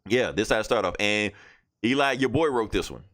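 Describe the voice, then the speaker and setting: Low-voiced man recapping comics, profane. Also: lively intonation, fairly quick, a bit bright. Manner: loose, profane storytelling. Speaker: podcast host. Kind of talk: casual comic book recap.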